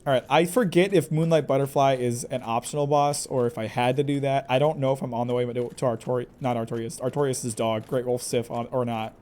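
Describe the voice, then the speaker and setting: A man's voice: medium pitch, fairly even intonation, a little fast, few pauses, a little mellow, a little hiss or hum. A man streaming a game live, joking and trash-talking the boss and characters as he plays. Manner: jokey, talks back at the game. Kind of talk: live gameplay commentary.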